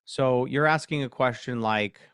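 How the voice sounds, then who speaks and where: A man's voice: medium pitch, unhurried, fairly bright tone, smooth, no echo, studio quality. A man hosting a casual live workshop, talking in a chatty, self-mocking way while dictating prompts aloud. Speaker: host.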